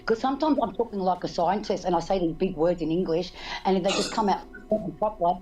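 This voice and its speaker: A woman's voice: medium pitch, fast talker, mellow, rough recording. A woman chatting casually, rambling with many restarts and laughs, background music. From Australia. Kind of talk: casual chat.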